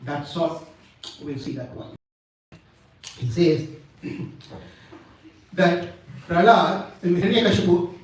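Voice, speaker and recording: Male preacher, lively high-pitched storytelling, distant echoey hall mic. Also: slow, long pauses. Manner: animated, dramatic retelling. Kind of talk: devotional sermon storytelling.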